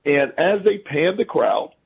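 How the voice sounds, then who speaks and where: A man's voice: on the high side, measured pace, creaky, husky, phone-quality sound. A man as a podcast guest, telling anecdotes casually and acting out what people said. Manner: animated storyteller who acts out quoted speech.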